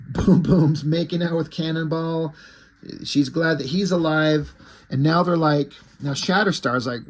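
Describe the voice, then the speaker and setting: A man's voice: mid-range voice, moderate pace, slightly rough. A man casually recapping a comic book issue, irreverent and profane, acting out the characters' lines as he goes.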